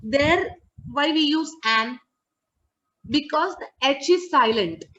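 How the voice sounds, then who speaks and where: An English teacher leads an online class over a video call, patiently repeating words and checking that students are following. Her voice is high, animated and sharp, and she speaks slowly. The call audio sounds muffled.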